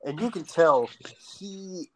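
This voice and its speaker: A man's voice: high-pitched, lively intonation, slow, fairly bright tone, no room sound. A man chatting casually about a movie, rambling with lots of "like".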